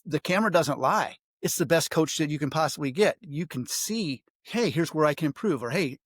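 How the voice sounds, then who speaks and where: A man hosting a business interview, talking in a relaxed, thoughtful, conversational way. His voice is a little high and the recording is dry and close. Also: a little fast, dry recording. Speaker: interview host. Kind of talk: casual interview chat.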